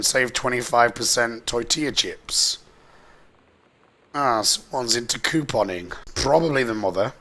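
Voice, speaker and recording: A hoarse man whose voice keeps squeaking and giving out, chatting and joking as he plays through a story game. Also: pushed and bright. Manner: jokey, chatty asides. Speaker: let's play host. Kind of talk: casual gameplay commentary.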